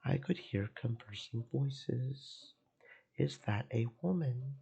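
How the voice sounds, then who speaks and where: A man streaming a let's play, reading first-person visual novel narration aloud in a slow, emotive way with game music behind. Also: mid-range voice, lively intonation, vocal fry, warm tone, husky. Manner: slow, emotive reading that swells into panicked repetition.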